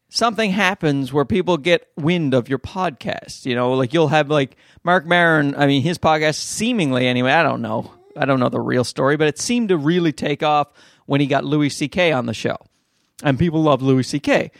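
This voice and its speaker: Man, rambling jokey podcast host, fairly high voice, dry close mic. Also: moderate pace, vocal fry, no room sound. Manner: rambling, jokey, animated asides. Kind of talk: casual solo podcast chat. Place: at home with a baby. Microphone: handheld mic held close.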